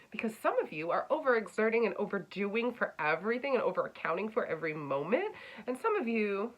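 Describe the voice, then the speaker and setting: A woman giving a casual spoken astrology reading, blunt and swinging from hushed near-whispers to loud, emphatic bursts. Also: medium pitch, sing-song, a little fast, lo-fi sound. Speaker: astrology reader.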